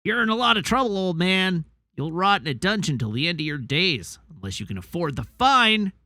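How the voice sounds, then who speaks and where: A man's voice: high-pitched, sing-song, fairly quick, bright, forceful tone, no echo, studio quality, full character voice. A man playing a stern, threatening border guard. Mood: menacing. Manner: barking commands. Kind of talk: reading game dialogue in character.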